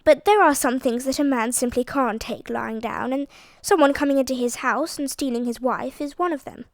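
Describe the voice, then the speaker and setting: A woman's voice: sits high, normal speed, dry recording, clean studio sound. A woman reading aloud and voicing a flustered aristocratic father who stammers and hesitates. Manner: hesitant, full of ums and restarts.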